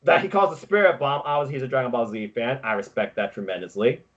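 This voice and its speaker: A man co-hosting a podcast, recapping wrestling in casual chat with excitable, quick play-by-play. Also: mid-range voice, dull audio. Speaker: podcast co-host.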